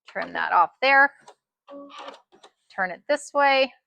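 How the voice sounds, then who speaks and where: A woman giving a casual sewing machine demonstration, chatty and excitable, repeating her phrases as she works. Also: high-pitched, slow, gravelly, soft background music. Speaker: sewing instructor.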